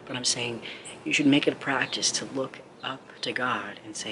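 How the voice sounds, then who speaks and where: A man's voice: medium pitch, moderate pace. A man talking straight to camera as a motivational speaker, earnest and rambling, with lots of 'like'. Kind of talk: casual direct-to-camera talk. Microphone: camera mic. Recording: clear steady background noise.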